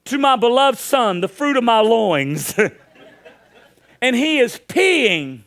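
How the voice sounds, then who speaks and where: High-voiced joking male pastor. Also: slow. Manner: storytelling, joking, animated. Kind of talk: sermon.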